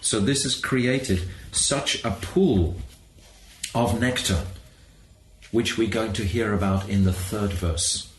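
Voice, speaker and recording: A man's voice: lowish voice, echoey room, slight background noise, low-quality recording. A man telling a devotional story in a sermon, emotive, acting out the quotes and closing with chanted praises. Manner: emotive, acts out quotes, ends in call-and-response chants. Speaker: preacher.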